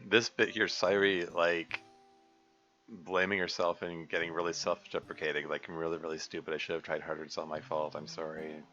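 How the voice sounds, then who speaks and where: Male game developer narrating and commenting, bright tone, halting, dull lo-fi recording with faint music. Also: low-pitched, little pitch movement. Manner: halting, filler-heavy, self-interrupting. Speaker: game mod developer and reader. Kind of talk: visual novel reading with commentary.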